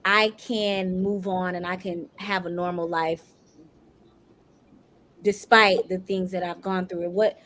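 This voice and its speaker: A woman's voice: fairly low pitch, flat delivery, unhurried, long pauses, fairly bright tone, slight background noise. A woman moderating a podcast panel, posing a long, searching question that loops and rephrases as she goes.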